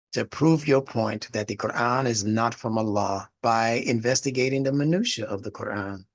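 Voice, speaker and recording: Gravelly-voiced man teaching a class. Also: mid-range voice. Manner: explanatory, asks rhetorical questions. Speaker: religious studies instructor. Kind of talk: recorded class lecture.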